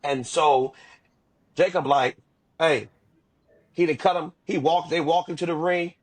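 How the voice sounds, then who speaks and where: A man with a husky, slightly high voice, co-hosting a wrestling podcast. He retells matches in loose, animated casual talk and restarts his sentences often. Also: normal speed. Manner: animated storytelling with repeated restarts. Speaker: podcast co-host. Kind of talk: casual wrestling recap chat.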